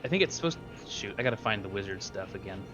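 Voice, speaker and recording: A man playing a tabletop game, upbeat and giggly, thinking out loud. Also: lowish voice, expressive, fast talker, lo-fi sound, over music. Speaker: player.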